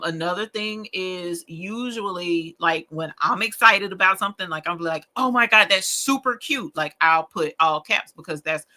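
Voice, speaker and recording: A woman's voice: sits low, bright, forceful tone. A woman hosting a late-night crafting livestream, chatting to viewers in a rambling, folksy way and laughing often. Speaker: livestream host of a rhinestone crafting show.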